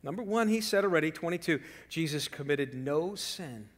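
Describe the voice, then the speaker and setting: High-voiced male pastor preaching in a reverberant hall. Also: moderate pace. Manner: dramatic swings from loud emphasis to hushed whispers; lively storytelling with rhetorical questions. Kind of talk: sermon. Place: church sanctuary.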